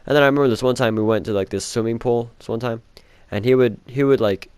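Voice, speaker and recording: A man's voice: medium pitch, fast, darkish tone, smooth, no echo. A young man telling a rambling personal story in a casual vlog, swearing often and filling with "like". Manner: rambling, heavy swearing, many "like" fillers. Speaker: vlogger.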